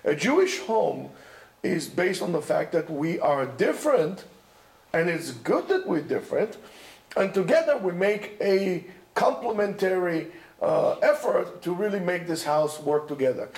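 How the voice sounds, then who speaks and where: A man with a high voice gives an animated, informal lecture to yeshiva students, full of "you know" and "right?" and Hebrew and Yiddish words. His talk rings through an echoey lecture room. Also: unhurried, vocal fry. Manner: sprinkles Hebrew and Yiddish terms. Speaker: yeshiva teacher.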